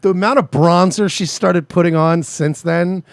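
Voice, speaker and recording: A man's voice: high voice, fairly even intonation, moderate pace, no echo. A man co-hosting an online talk show, making crude jokes. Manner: crude, joking. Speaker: co-host. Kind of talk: casual chat with crude jokes.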